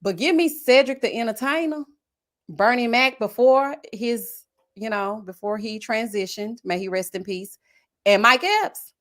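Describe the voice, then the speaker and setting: A woman who hosts a live-stream reality-TV review, talking in a sassy, animated, gossipy way. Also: on the high side, measured pace. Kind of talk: casual live-stream commentary.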